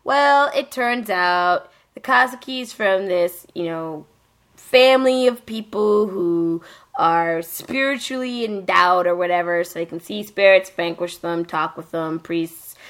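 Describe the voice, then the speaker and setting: A woman's voice: fairly low pitch, a little slow, fairly bright tone. A woman hosting a casual podcast, recapping an anime in a rambling, profane way full of fillers. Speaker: podcast host.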